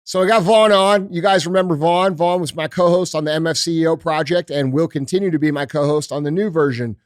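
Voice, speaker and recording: A man's voice: a little high, fast talker, no room sound, studio quality. Blunt, emphatic man hosting a podcast. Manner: blunt, emphatic, swears freely. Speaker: podcast host. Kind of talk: casual studio podcast chat.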